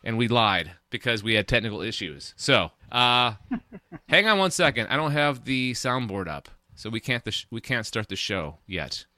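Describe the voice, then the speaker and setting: A man hosting a casual podcast, hurried and a bit flustered. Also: mid-range voice, sing-song, bright, forceful tone, dry recording. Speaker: podcast host.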